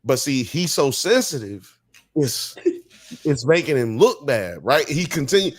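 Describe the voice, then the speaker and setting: A man co-hosting a casual live podcast, talking in animated, slangy style and firing off rhetorical questions. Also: mid-range voice, a little slow, dry recording, studio quality. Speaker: podcast co-host. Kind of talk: casual chat on a live stream.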